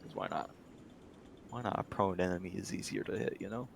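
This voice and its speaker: A man running a tabletop game as game master, upbeat and quick to laugh. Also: low-pitched, vocal fry, background noise.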